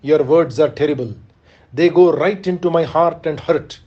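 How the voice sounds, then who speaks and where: A man reading aloud as a proud, doomed male warrior, bitter and resigned, in a measured, solemn way. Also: fairly high pitch, breathy edge, lo-fi sound. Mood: solemn resolve.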